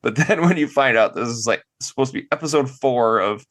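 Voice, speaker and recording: A man's voice: mid-range voice, fairly quick, fairly bright tone. A man hosting a podcast, chatting in a playful, rambling and profane way. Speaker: podcast host. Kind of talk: casual podcast chat.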